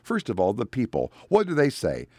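A middle-aged male pastor preaching a sermon, animated and climbing high in pitch whenever he quotes scripture. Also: fairly quick, dry recording.

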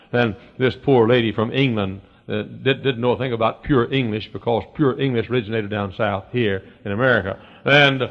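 A male preacher tells folksy stories in a sermon, rising into loud, high, drawn-out exclamations. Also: creaky. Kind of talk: storytelling sermon. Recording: muffled lo-fi recording in a reverberant hall.

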